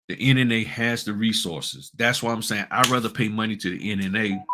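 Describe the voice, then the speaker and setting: A middle-aged man with a lowish, fairly bright voice hosts a casual screen-share tutorial on notary work for his notary business, speaking in a folksy, emphatic way and calling his viewers y'all.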